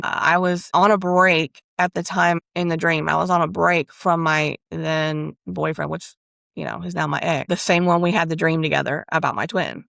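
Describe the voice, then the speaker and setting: Spiritual reader lady, super gravelly voice, rambly and open, chatting to spirit out loud, dry close mic. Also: lowish voice, dry recording. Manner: rambling, candid, confiding; talks to spirit aloud while channeling. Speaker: spiritual reader and channel host. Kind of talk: casual spiritual reading and personal story.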